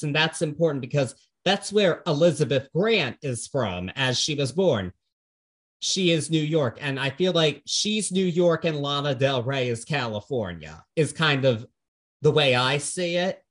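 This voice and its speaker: A man with a slightly raised speaking pitch talks through a record in casual podcast chat. He sounds earnest and reflective as he weighs each song. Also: fairly bright tone. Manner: earnest, thoughtful. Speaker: podcast co-host. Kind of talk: casual music review chat.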